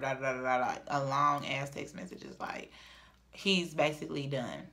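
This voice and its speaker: A woman's voice: low voice, very animated, moderate pace, creaky. A young woman, telling a personal story in a casual, dramatic vlog. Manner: chatty, dramatic, swings from loud to murmured.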